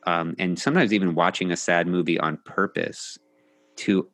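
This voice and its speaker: A middle-aged man, a coach hosting a casual podcast conversation, talking in a reflective, measured way with many pauses. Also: low voice, fairly even intonation, a bit bright, no echo. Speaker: coach and host.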